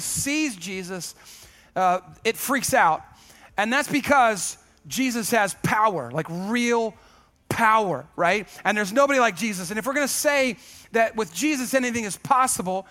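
A man preaching a sermon as pastor, lively and joking, calling out to the congregation. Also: high voice.

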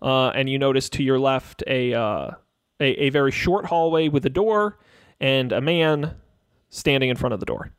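A man's voice: medium pitch, moderate pace, clean tone, dry recording, studio quality. A man narrating a tabletop game as game master, hesitant and full of fillers.

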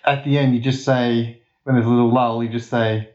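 A man's voice: medium pitch, level tone, moderate pace. An Australian man from Perth chatting as a guest, rambling and laughing often at himself. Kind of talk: casual chat. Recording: echoey, dull lo-fi sound.

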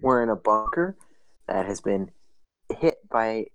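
A man's voice: lowish voice, lively intonation, unhurried, a bit bright, dry recording, dull audio. Matter-of-fact man arguing in casual chat. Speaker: podcast co-host.

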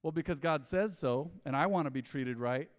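A man preaching a sermon as pastor, telling a story in a lively way and acting out the dialogue. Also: fairly high pitch, moderate pace. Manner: storytelling, animated, acts out dialogue. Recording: long hall reverb.

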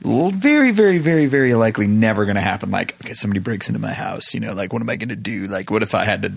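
A man's voice: on the low side, animated, rapid-fire, creaky, husky. A man who is a podcast guest, telling self-mocking stories in casual chat, with lots of fillers and laughter.

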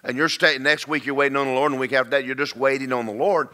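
A man preaching a folksy, emphatic sermon, slowing down to stress key words. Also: medium pitch, steady tone, bright, forceful tone.

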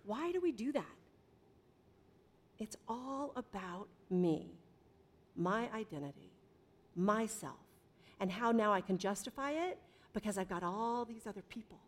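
A middle-aged woman preaching a sermon in a conversational way, with dramatic pauses and big swings in volume. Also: medium pitch, expressive. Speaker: pastor.

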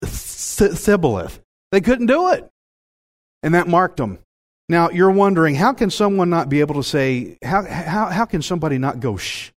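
Animated folksy Texan preacher man. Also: on the high side, normal speed. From Texas. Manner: folksy, animated, laughs at himself. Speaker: pastor. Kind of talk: sermon.

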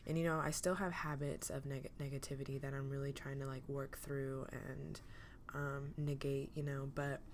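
A young woman speaks in a sleepy, low voice with a gravelly fry, almost a little manly. She hosts her podcast alone and talks slowly through her thoughts, hesitant and reflective, stopping often to restart. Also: flat delivery, slight background noise. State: sleepy, just woke up. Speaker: podcast host. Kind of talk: casual solo podcast monologue.

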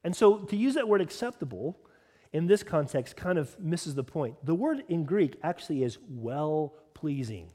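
A man's voice: a little high, sing-song, moderate pace, warm tone. A man preaching a sermon as a pastor, moving between earnest teaching and casual conversational asides. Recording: long hall reverb.

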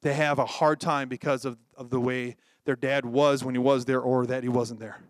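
A man preaching a sermon in a lively, joking way, often acting out quoted voices. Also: mid-range voice, moderate pace, no room sound, clean studio sound. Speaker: pastor.

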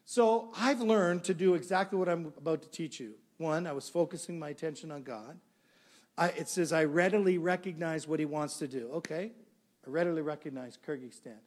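A man's voice: a little high, a little fast. A middle-aged male pastor preaching a sermon, telling a story and acting out the dialogue. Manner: animated storyteller, acts out dialogue.

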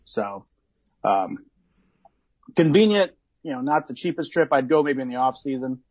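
A man's voice: medium pitch, lively intonation, moderate pace, no echo, muffled recording. A man from Illinois, a podcast guest in casual chat, talking in a hesitant, laid-back way with many ums and uhs.

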